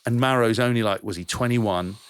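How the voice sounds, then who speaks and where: A man's voice: mid-range voice, brisk, clean tone, no echo. A man, a podcast co-host who rambles through anecdotes, swears freely and often restarts his sentences. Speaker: podcast co-host, former rugby player. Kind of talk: casual storytelling chat.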